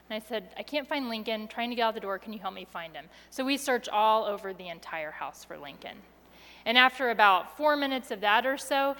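Woman telling her story, kinda high voice, gets soft and hushed in the scary bits, long hall reverb. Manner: expressive, drops soft and quiet at tense moments, laughs between lines. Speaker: speaker telling a personal story. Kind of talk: dramatic personal storytelling.

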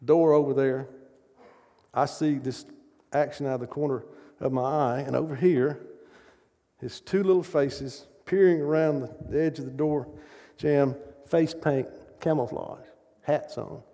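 A middle-aged man preaching a storytelling sermon, animated and acting out the voices of the people in his stories. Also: medium pitch, a little slow. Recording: long hall reverb.

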